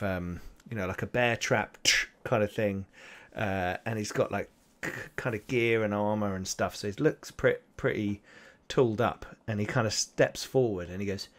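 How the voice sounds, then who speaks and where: Running a tabletop game as its game master, this lowish-voiced man rambles through loose narration, sprinkling in many fillers and chuckles.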